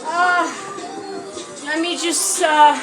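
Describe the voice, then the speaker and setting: Very high-voiced New York mom, slow and sing-song. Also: female voice, fairly even intonation. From New York, the Bronx. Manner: chatty, shifting into sing-song baby talk toward her child. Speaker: mother vlogging her daily routine. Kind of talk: casual home vlog. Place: at home, indoors. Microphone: camera set up on a stand in the room. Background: music playing in the house.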